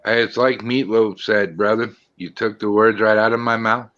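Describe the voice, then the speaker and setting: A man hosting an online show, chatting casually, swearing and closing the show with a drawn-out sign-off. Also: lowish voice, level tone, fairly bright tone. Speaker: podcast host. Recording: dull lo-fi sound.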